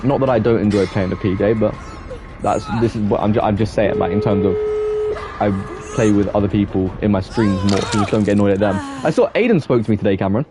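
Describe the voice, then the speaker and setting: A young man streaming a game, chatting loosely with his viewers and getting quickly exasperated at teammates, with many restarts. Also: lowish voice, over music. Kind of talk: casual live-stream chat while gaming.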